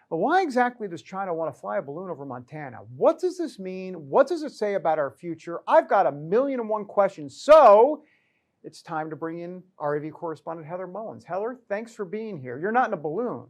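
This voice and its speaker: A man's voice: sits high, sing-song, brisk. A man hosting a talk show, giving comedic news commentary in a sarcastic, joking way.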